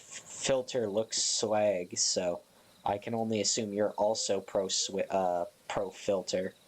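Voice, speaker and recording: Young male streamer, sleepy and yawning, slow casual chat to viewers. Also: fairly low pitch, a little mellow.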